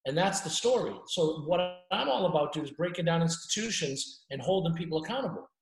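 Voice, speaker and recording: A man's voice: fairly high pitch, animated, brisk, vocal fry, roomy sound, low-quality recording. A middle-aged man, a journalist talking bluntly on a casual podcast interview, often restarting his sentences. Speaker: journalist guest.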